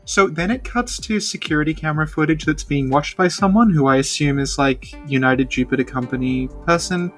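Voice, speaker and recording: A woman's voice: low voice, brisk, few pauses, soft background music. A woman co-hosting a casual podcast, recapping with dry sarcasm and frequent laughs. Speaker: podcast co-host.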